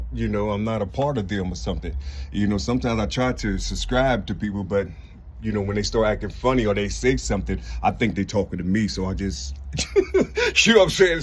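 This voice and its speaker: A man's voice: on the low side, slight background noise. An older man talking to the camera in a rambling casual monologue, repeating "you see" and swearing a lot. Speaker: vlogger.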